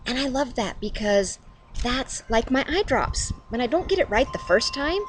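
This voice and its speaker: Casting: middle-aged woman, warm-hearted devotional vlogger, lively pitch, self-deprecating, faint hiss under a camera mic. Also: normal speed. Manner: chatty, self-deprecating, laughs at herself. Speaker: devotional video host. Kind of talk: casual devotional talk to camera.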